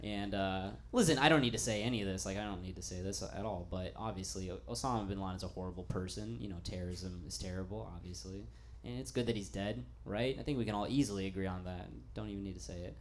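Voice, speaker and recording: A man doing a stand-up set in a small studio in front of a live audience, talking in an offhand, deadpan way that breaks into loud comic rants. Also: sits low, fast, a little hiss or hum. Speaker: stand-up comedian.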